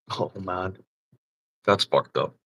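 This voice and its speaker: A man's voice: deep voice, bright, forceful tone, low-quality recording. A man hosting a livestream, chatting casually and telling rambling, profane stories while laughing often. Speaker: livestream host. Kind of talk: casual storytelling chat.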